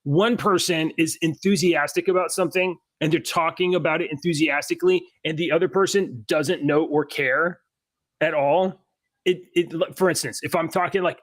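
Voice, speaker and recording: A man's voice: fairly high pitch, steady tone, fairly quick, fairly bright tone, no echo. A man co-hosting a podcast in casual chat, rambling with restarts and frequent laughs. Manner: rambling, self-interrupting, laughs often. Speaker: podcast co-host.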